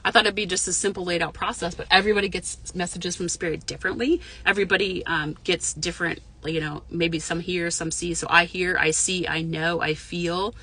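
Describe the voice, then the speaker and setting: Woman medium in her car, loose rambling delivery, salty language, a bright, slightly low voice. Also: fairly even intonation, brisk, few pauses. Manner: frank, profane, rambling with many fillers. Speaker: intuitive medium and spiritual mentor. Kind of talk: casual live chat to viewers. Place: parked car.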